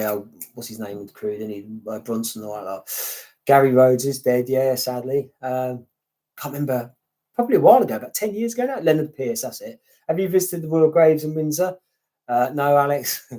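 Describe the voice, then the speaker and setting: A middle-aged man hosting a casual live stream, chatting and reading viewer comments out loud, humming fillers and swearing bluntly. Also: medium pitch. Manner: chatty, meandering, hums fillers while reading. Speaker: YouTube channel host.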